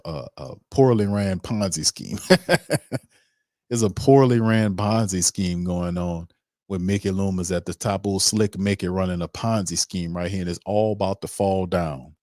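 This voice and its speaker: A sports podcast host rants emphatically in casual slang, repeating himself heatedly. His voice is fairly low and a little mellow, captured in clean studio sound with no room echo.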